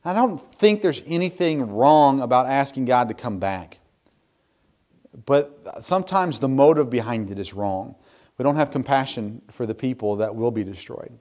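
A man's voice: medium pitch, a little mellow. A man preaches a sermon with an earnest, explaining manner. He reads scripture aloud and repeats words as he works through his thoughts. His voice sits in an ordinary middle register. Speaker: pastor.

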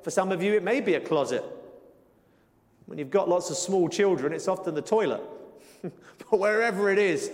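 A male pastor preaching a sermon, earnest, slowing and quickening his pace for emphasis and sometimes putting on playful voices for quotes. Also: high-pitched. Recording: long reverb of a large hall.

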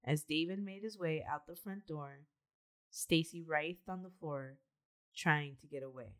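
Low-voiced woman recounting a true crime. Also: measured pace, a bit bright. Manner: matter-of-fact narration with asides. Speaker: podcast co-host telling the case.

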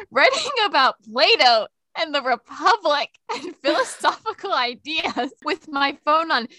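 Lively high-voiced woman, dry sound. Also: slow pace, no echo. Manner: reactive, teasing interjections. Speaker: podcast co-host. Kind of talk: casual chat.

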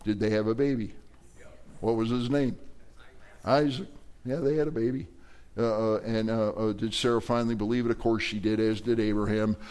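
A middle-aged man, a pastor, preaching a verse-by-verse sermon in a folksy, animated way with playful asides. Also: fairly low pitch, normal speed, clean tone.

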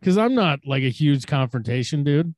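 Young male podcaster, loose and vulgar, dry close mic, acts out yelled lines. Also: fairly high pitch, animated, normal speed, dry recording. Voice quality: loose and profane, acts out shouted quotes. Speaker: podcast co-host. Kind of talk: crude casual storytelling.

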